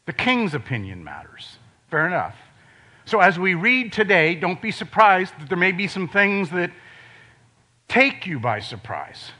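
Bright-voiced older man preaching a sermon. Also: high voice, huge pitch swings, unhurried. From Ohio, USA. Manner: conversational preaching with sudden drops to quiet emphasis.

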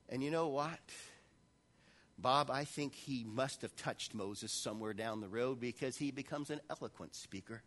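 A man preaching a sermon in a church, animated, swinging between loud passages and hushed ones. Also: mid-range voice, normal speed. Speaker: pastor.

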